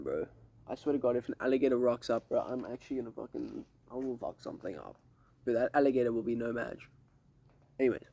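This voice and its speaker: A man's voice: medium pitch, creaky, warm tone. A young man from South Africa giving a casual, rambling vlog update outdoors on a lake dock at night, talking to a camera a few steps away, slangy and swearing freely. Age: young adult. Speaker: vlogger. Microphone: camera set up a few steps away.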